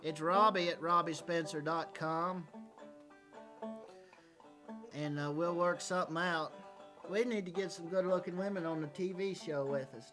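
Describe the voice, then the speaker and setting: A man hosting a casual talk show, reading fan mail and telling joking stories in a folksy way. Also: a little high. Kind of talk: casual comedic chat. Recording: faint banjo music behind.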